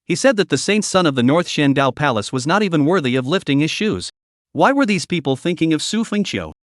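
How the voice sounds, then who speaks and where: A man narrating a fantasy comic story in scripted form, with steady storytelling delivery. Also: fairly high pitch, fairly quick, no room sound, studio quality. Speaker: recap narrator.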